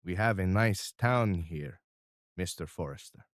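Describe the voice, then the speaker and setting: A man voicing a stiff, formal, middle-aged boss who is wary of change and speaks in a measured way. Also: low-pitched, lively intonation, no echo, clean studio sound.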